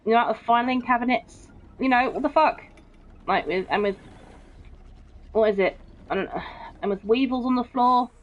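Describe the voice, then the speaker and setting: This young woman's voice leans high, at normal speed with frequent pauses, as she streams a game and reads out what viewers write. She's chatty and blunt, cursing often and saying "bro" a lot. The stream audio sounds muffled and dull.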